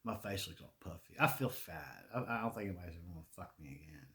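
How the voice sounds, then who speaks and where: This Charlotte, North Carolina podcast host, a Southern man in his forties, talks fast in a low, animated, bright and forceful voice. He rambles through his stories casually, swearing, laughing and restarting often.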